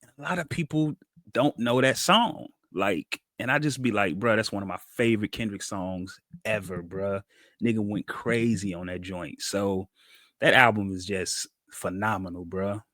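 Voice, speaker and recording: Animated man telling stories. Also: on the low side, normal speed, no room sound, clean studio sound. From Cincinnati, USA. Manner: animated storytelling, acts out quotes. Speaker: podcast co-host. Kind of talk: casual chat.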